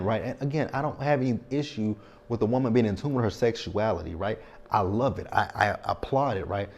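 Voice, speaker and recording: A man's voice: on the low side, darkish tone. A man in his thirties recapping a TV episode in a casual vlog, talking frankly and checking in with tag questions. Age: 30s. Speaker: TV show recap reviewer.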